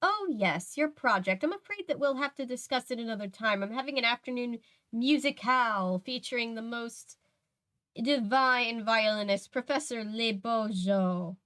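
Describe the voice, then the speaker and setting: Brief: woman reader voicing a plump, fussy matron in a storybook reading, coy and impatient, pitched up. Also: lively intonation, moderate pace, fairly bright tone.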